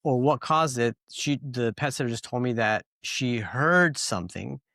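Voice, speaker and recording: Male podcast host, casual and rambling, animated when telling stories, dry sound. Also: medium pitch, measured pace, vocal fry, dry recording. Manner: rambling, filler-heavy, animated storytelling.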